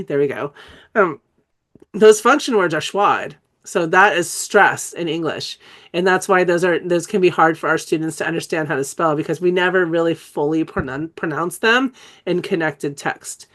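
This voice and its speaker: A woman's voice: lowish voice, moderate pace. Chatty woman teaching a spelling webinar. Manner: chatty, self-correcting, laughs at herself. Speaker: dyslexia educator.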